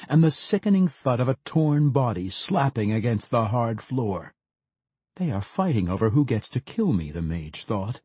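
Male audiobook narrator, mellow and husky, lively expressive delivery. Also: medium pitch, no echo. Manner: expressive, dramatic storytelling. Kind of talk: scripted fantasy narration.

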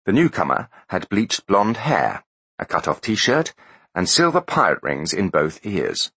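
Male audiobook narrator, very low, husky, animated, bright tone, dry close recording. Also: measured pace, dry recording. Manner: expressive storytelling. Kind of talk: scripted narration.

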